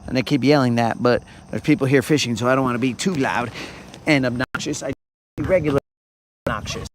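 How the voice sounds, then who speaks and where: A man's voice: mid-range voice, a little fast, background noise. Man rambling jokingly on a boat. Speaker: fishing livestream host. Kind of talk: casual rambling livestream chat. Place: on a boat on a lake, outdoors.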